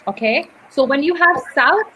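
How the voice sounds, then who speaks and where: Bright, high-voiced woman English teacher. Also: moderate pace, slight background noise, poor audio. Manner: patient, corrects pronunciation clearly. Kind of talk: live online lesson.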